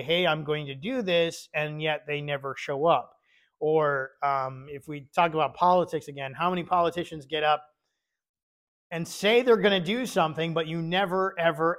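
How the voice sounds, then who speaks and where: Higher-voiced man teaching a Bible study. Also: fairly bright tone. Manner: conversational, with many fillers and repeated key words.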